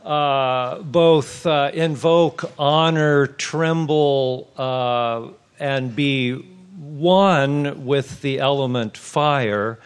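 Man introducing a song at a live event, unhurried and halting. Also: mid-range voice, clean tone. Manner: halting, pauses on many fillers. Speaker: musician leading a song.

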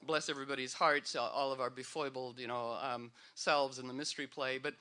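A man's voice: mid-range voice, little pitch movement, fairly quick, sharp tone. A man speaking to a live audience in a meandering, playful way, full of fillers and restarts. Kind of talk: rambling, humorous talk to an audience.

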